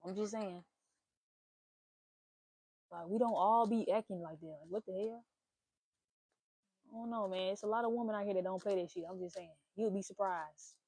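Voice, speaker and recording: A young woman hosting a casual talk stream, giving blunt, profane relationship advice in an animated rant. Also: medium pitch, moderate pace, creaky, long pauses, dry recording. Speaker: host.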